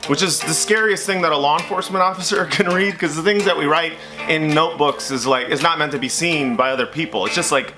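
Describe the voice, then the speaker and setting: A male stand-up comedian telling a long, self-mocking story in an excitable way. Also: a little high.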